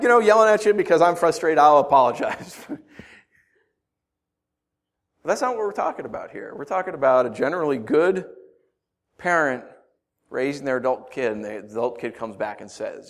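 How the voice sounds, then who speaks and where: Animated man preaching a sermon. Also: on the high side, brisk. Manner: animated, swings from loud outbursts to quiet asides. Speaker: pastor.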